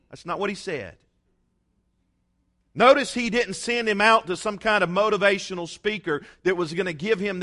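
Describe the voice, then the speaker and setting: A male pastor preaching a sermon, emphatic, with dramatic pauses and acted-out quotes. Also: high-pitched, pushed and bright.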